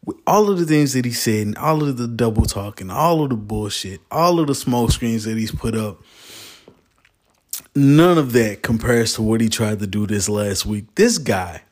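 A man's voice: mid-range voice, moderate pace. A man in a heated, rambling political rant, swearing freely and getting worked up. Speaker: vlogger.

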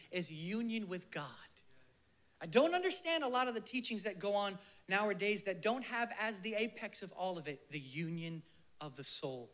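A man preaching a sermon with passion, swinging from emphatic bursts to hushed near-whispers, and at times leading his listeners in slow, soft prayer. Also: high voice.

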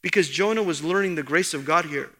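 High, bright-voiced preacher man. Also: a little fast. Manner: earnest preaching, rising for emphasis. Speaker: pastor. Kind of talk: expository sermon. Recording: long hall reverb.

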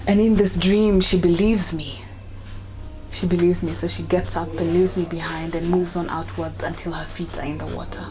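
A woman performing spoken word poetry in a measured, hushed and steady way. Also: lowish voice, rough recording.

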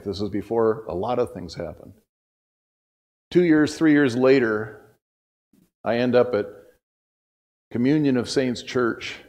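A pastor delivers his sermon in an easy, story-driven way from the front of a church. His voice sits at a middle pitch and swings between raised, emphatic bursts and near-whispered asides. He speaks as a man talking to his own congregation. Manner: conversational storytelling, swings from loud to hushed.

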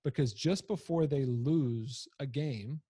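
A man's voice: mid-range voice, slow, dark tone, breathy edge, dry recording. A man in his thirties telling a humorous personal story about his family in a casual, conversational way. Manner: conversational, frequent fillers and restarts, humorous. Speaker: storyteller, father.

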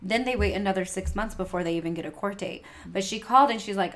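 A woman telling a story in a casual conversation, with an enthusiastic, animated way of talking. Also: mid-range voice, brisk, hardly any pauses.

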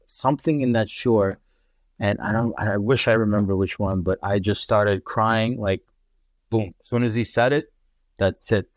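Podcast guest, man, New York accent, low-pitched, dry, earnest and rambling. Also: dry recording. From Russia. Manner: earnest, emotional storytelling with many fillers. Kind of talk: casual conversational interview.

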